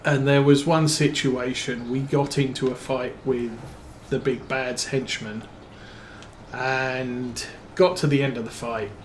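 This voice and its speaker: A man tells a meandering story while he plays, trailing off into fillers and restarting his sentences. He talks slowly, and his voice echoes in a roomy space over a faint hum. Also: mid-range voice, fairly even intonation. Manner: rambling, hesitant, many fillers and restarts. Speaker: streamer. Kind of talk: casual storytelling while playing a farming game.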